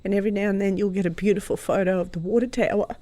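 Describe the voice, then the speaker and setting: A woman tells a personal story as an interview guest, her mid-range voice sitting close and dry. She talks in a lively way, dropping to hushed moments and rising loud again. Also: mid-range voice, very fast, no room sound. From Croatia.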